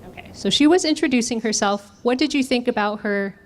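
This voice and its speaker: Lively woman leading a workshop. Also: fairly high pitch, a little fast, slight background noise. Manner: lively, asks the audience questions, demonstrates voice techniques. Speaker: communication trainer. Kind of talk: interactive workshop teaching.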